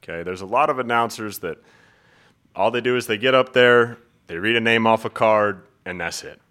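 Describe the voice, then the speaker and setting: Guest spot: relaxed talkative man, bright forceful tone. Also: fairly low pitch, moderate pace. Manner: laid back, talkative. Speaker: guest, ring announcer. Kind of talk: casual interview chat.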